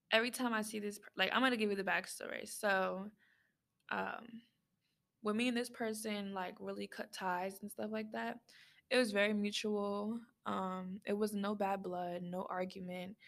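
A woman's voice: medium pitch, vocal fry, fairly bright tone. A young adult woman hosting a podcast, telling a personal story in a casual, rambling way with lots of fillers, speaking straight to her listeners. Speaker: podcast host.

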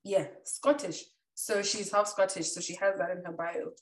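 A woman's voice: lowish voice, steady tone, normal speed. A woman co-hosting a casual chat, talking loosely with many fillers. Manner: chatty, lots of "like" fillers. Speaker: podcast co-host. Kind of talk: casual chat reviewing a reality show. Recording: echoey room, a bit far from the mic.

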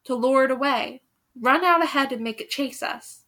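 A woman's voice: high-pitched, moderate pace, bright, forceful tone. A woman voicing a determined young woman in a storybook reading, speaking firmly and commanding. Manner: firm, commanding.

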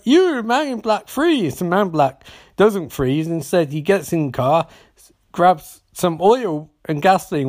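Man doing a sweary, jokey movie recap. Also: on the high side. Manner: swearing, acts out characters' lines in quick voices. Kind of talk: casual comedic movie recap.

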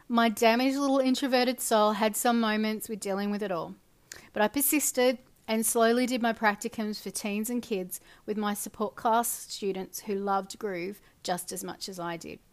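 Woman, dance facilitator, reflective personal narration, earnest and gentle. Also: a little high. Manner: soft, earnest, drops quiet at phrase ends.

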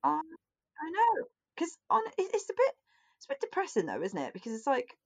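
Gravelly-voiced woman chatting. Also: high voice, wildly swooping pitch, a little fast. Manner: chatty, swearing, self-mocking. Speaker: podcast co-host. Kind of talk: casual chat.

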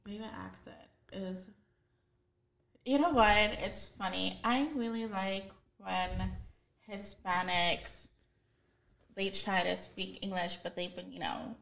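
A relaxed woman chatting as a podcast guest, with a light gravelly fry in her voice. She talks easily and agreeably, dropping fillers as she goes. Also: medium pitch, slow pace. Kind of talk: casual chat.

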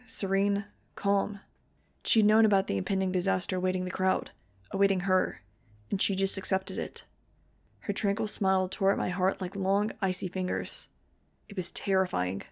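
Gravelly-voiced woman reading a fan audiobook. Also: mid-range voice, little pitch movement, normal speed. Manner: wry first-person narration. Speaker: audiobook reader.

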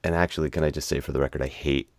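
A man's voice: a bass voice, fairly even intonation, racing, no room sound, studio quality. A man co-hosting a podcast, chatting casually and telling stories in a sarcastic, profane way. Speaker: podcast co-host.

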